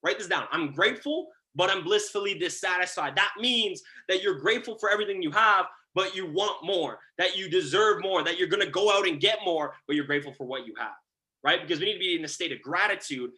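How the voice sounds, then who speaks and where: A man's voice: sits high, pushed and bright. A man giving a motivational team training over a call, hyping his audience with slang, repeated slogans and constant "right?" tags. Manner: hype, repeats lines, asks the audience to write things down. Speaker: network marketing coach.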